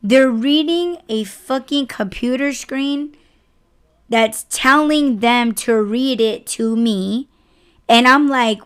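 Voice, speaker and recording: Woman podcast host, delivery driver, casual profane rant, smooth clear voice. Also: on the high side, slow. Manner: profane, exasperated, animated retelling.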